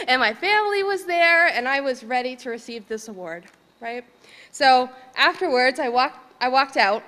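A high-pitched woman from Vermont, an educator speaking at a conference, shares a personal story with emotion and sincerity. Her voice is pushed and bright, she laughs often and asks the room "right?" between thoughts, and a long reverberation from a large hall follows her words.

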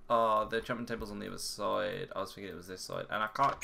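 Gameplay commentator, male, low gravelly bright voice, giggly and goofy, faint keyboard clicks. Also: steady tone, fast, a little hiss or hum.

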